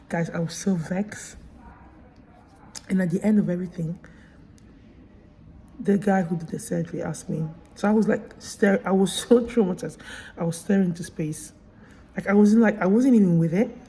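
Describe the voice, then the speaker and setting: Speaking from a hospital room, a woman whose first language is Italian vlogs casually about her surgery recovery, retelling a hospital incident with indignant emphasis and quoted dialogue. Her warm, mid-range voice moves fairly quickly with frequent pauses, and the recording is low quality.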